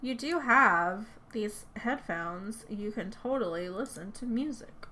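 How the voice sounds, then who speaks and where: A woman's voice: mid-range voice, animated, takes it slowly, bright, forceful tone, a little hiss or hum. A woman hosting her gaming channel, giving casual let's-play commentary, chatty and prone to laughing as she coaxes her game characters along.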